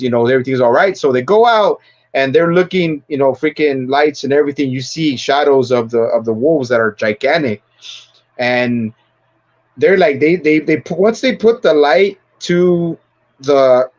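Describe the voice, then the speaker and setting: A man's voice: medium pitch, moderate pace, dull audio. A man hosting a livestream, casually retelling a film in a rambling, profane way and laughing often. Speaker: livestream host. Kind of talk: casual movie discussion.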